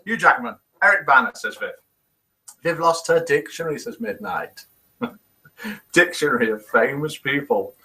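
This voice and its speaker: Lively, animated British man hosting a quiz. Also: fairly high pitch, measured pace, long pauses, low-quality recording. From United Kingdom. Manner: lively, chuckling, playful quiz-master banter. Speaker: host of a daily live show. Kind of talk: casual live-stream chat, reading out comments.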